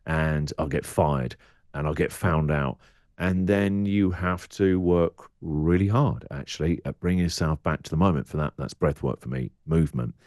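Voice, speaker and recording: Man, English accent, very low voice, reflective, dry studio sound. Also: moderate pace, darkish tone, no room sound. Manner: reflective, acts out his inner voice in quoted asides. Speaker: radio presenter and guest. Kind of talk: candid podcast interview.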